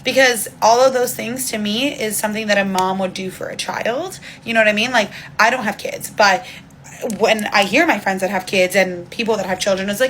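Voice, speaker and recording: A woman's voice: medium pitch, brisk, a bit bright, slight background noise, poor audio. A woman speaking her opinions in a casual monologue, firm and matter-of-fact, repeating points for emphasis. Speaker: social media commentator.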